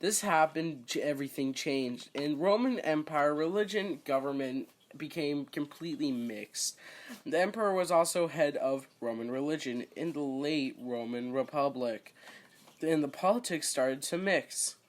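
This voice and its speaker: A man's voice: fairly high pitch, animated, unhurried. Man stumbling through a read-aloud report. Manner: stumbles over words, adds joking asides. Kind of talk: reading a school report aloud.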